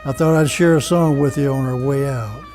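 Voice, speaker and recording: An older man with a Mississippi accent, giving a heartfelt award acceptance speech in a halting way, pausing to search for words. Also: mid-range voice, steady tone, a little mellow, faint music behind. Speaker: award recipient, blues musician.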